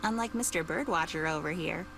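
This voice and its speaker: A woman's voice: on the low side, brisk, vocal fry, a bit bright, slight background noise. An actress voicing an earnest young girl investigator in a video game, who talks directly.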